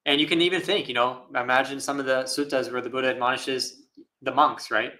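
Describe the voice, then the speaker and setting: A man who is a Buddhist monk, answering questions in a relaxed, thoughtful way with frequent laughs and fillers. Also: medium pitch, fairly quick, poor audio. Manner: casual, thoughtful, laughs often, many fillers. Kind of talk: live Q&A dharma talk.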